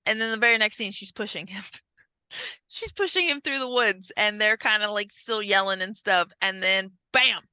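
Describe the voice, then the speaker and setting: A woman's voice: medium pitch, normal speed, pushed and bright, clear, resonant tone, no echo, highs cut off. A woman hosting a podcast, chatting casually, swearing freely and acting out lines as she retells a story. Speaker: podcast host. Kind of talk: casual chat.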